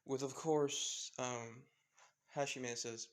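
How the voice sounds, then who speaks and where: A man's voice: mid-range voice, moderate pace, a bit bright. A young man improvising a fan story narration, rambling and fumbling over names with lots of fillers.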